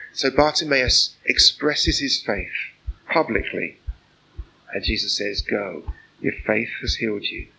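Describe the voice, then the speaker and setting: A man's voice: mid-range voice, vocal fry, bright, forceful tone, slight background noise, rough recording. A man preaching an informal sermon, chatty and earnest, often asking the listeners rhetorical questions. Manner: conversational, full of rhetorical questions; personal and earnest.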